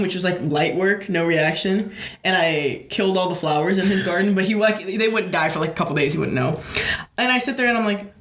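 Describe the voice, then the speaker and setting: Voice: mid-range voice, a bit bright, echoey room. A young adult podcast co-host telling a long personal story in a casual, profane, rambling way with lots of fillers.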